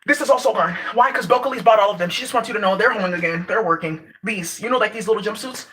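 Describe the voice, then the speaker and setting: A woman's voice: medium pitch, fast talker, noisy background. A woman from Nigeria, ranting casually to her viewers, brash and profane, laughing as she talks. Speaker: vlogger. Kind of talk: casual rant to camera.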